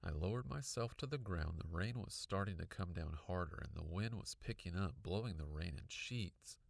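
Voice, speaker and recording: A man reading a children's story aloud, narrating in a lively, expressive manner. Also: deep voice, moderate pace, creaky, dry recording. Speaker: audiobook reader.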